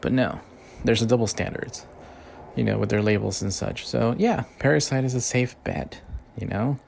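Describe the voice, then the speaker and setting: A man's voice: mid-range voice, normal speed, vocal fry, darkish tone, slight background noise. A man hosting a casual rant show, heated and loose, swearing heavily and filling gaps with "you know" and "like.". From Mexican-American. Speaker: podcast host.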